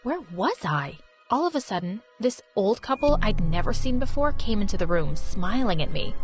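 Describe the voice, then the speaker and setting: A young woman from Turkey tells her animated story in a lively, expressive, conversational way. Her voice sits at a middle pitch. Soft music plays faintly underneath. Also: moderate pace. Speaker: narrator.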